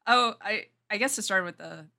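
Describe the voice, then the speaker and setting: A woman interviewing over a headset mic, soft-spoken and giggly. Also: medium pitch, normal speed.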